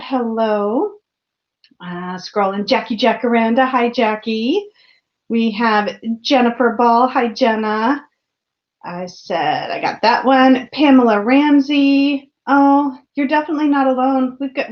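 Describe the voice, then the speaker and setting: A friendly woman with a somewhat high voice hosts a casual livestream, greeting viewers by name one after another. She chats easily and laughs often. The audio is a little dull and lo-fi. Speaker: tarot channel host.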